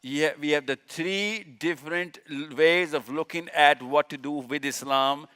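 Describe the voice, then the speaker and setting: Speaking before a live audience, a Pakistani man delivers a fiery religious lecture, hurling rhetorical questions and hammering his points through repetition. His voice is fairly high and fairly bright, clean in tone, and he moves at a measured pace.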